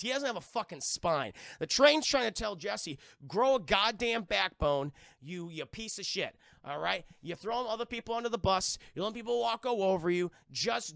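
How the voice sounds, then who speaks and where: A man recapping a cartoon episode for a live-stream chat, talking in an energetic, profane, and animated way. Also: high voice, vocal fry, no room sound, clean studio sound. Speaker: livestream cartoon reviewer.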